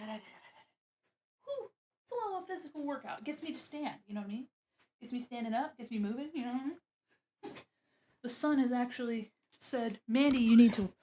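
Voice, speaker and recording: Upbeat woman streamer with a slightly high voice, chatting loosely with her viewers while she draws. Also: slight background noise. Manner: bubbly, rambling, giggles often; chats with viewers, thinks aloud. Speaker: streamer painting digital art. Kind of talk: casual live-stream chat while drawing.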